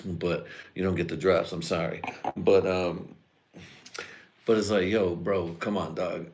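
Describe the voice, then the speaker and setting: Profane rambling comedian with a very deep voice. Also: male voice, steady tone, a little slow, darkish tone. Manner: profane, rambling, breaks into mock voices and laughs. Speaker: comedian host of a live stream. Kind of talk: rambling live-stream comedy monologue.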